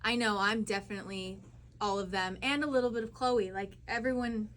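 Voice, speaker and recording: A young actress woman telling chatty, animated stories with fillers at a live cinema Q&A. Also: medium pitch, a little fast. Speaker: actress at a screening Q&A. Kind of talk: live Q&A storytelling. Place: cinema auditorium.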